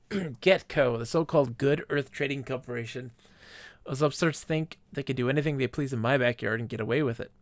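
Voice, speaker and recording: A man reading the lines of a ruthless male corporate boss in a space game, forceful and cold. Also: mid-range voice, moderate pace, no echo, natural voice.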